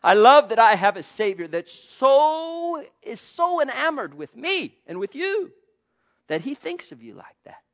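High-voiced preacher man, impassioned sermon. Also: very animated, a little slow. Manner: impassioned, swinging between soft pleading and loud exclamation; calls out to the congregation. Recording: dull lo-fi sound.

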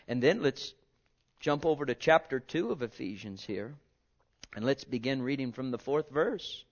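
A man preaching a sermon, reading scripture and swinging from booming to hushed, drawing out his words. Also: animated, normal speed. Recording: dull lo-fi sermon recording.

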